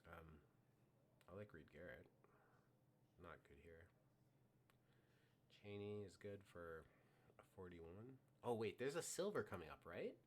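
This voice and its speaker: A man's voice: sits low, expressive, a little slow, pauses often, slight background noise. A man streaming a baseball card game live, muttering his picks to himself in a self-mocking way, with faint clicking behind him.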